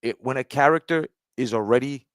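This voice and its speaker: A commentary streamer launches into a heated, profane rant, frequently asking "right?". His mid-range voice is brisk and smooth, captured in a dry, studio-quality recording.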